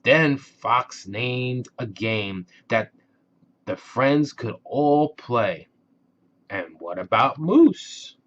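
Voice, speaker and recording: A man reading a children's bedtime story aloud in a slow, expressive storybook manner. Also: mid-range voice. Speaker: narrator. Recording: dull lo-fi audio with music.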